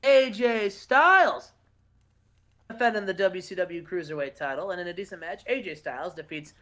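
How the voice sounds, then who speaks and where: A man's voice: sits high, lively intonation, moderate pace, sharp tone. A man doing let's-play commentary on a wrestling game in a mock announcer style. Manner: mock sports-announcer delivery.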